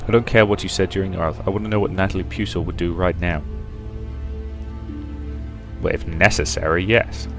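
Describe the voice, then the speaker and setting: Deep-voiced man reading a game aloud. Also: fairly even intonation, fairly quick, long pauses, music in the background. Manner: reads all characters' lines with shifting pitch and loudness. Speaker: game let's-player. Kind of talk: reading a visual novel aloud, voicing characters.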